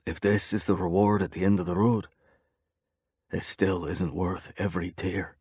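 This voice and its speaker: Male narrator, low voice, dry close sound, steady conversational audiobook reading. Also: normal speed, husky, dry recording. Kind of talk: first-person audiobook narration.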